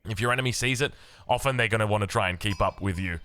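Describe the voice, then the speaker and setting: Upbeat Australian man, bright voice. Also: on the low side, quick pace. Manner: upbeat, chatty, with casual fillers. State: early-morning voice. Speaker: game caster. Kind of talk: esports play-by-play commentary.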